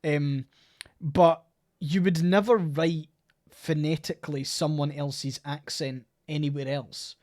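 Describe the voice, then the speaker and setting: A man's voice: on the high side, fairly even intonation, slow pace, darkish tone. A Scottish man co-hosting a podcast in casual, rambling chat, swearing now and then and saying "like" a lot. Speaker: podcast co-host.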